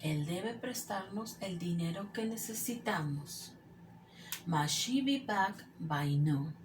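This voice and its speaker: A woman teacher, drilling English grammar examples one by one in a slow, deliberate recorded lesson. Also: lowish voice, expressive, background noise. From Mexico.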